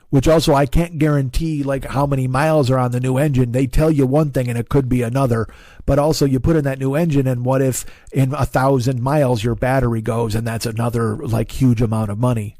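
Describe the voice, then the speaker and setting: A middle-aged man telling a long comic story, rambling and profane and quick to put himself down. His voice sits mid-range with a mellow, dark tone. It is recorded close on a studio mic with a very dry sound. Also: medium pitch, steady tone, no echo. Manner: rambling, profane, self-deprecating. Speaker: comedian podcast host.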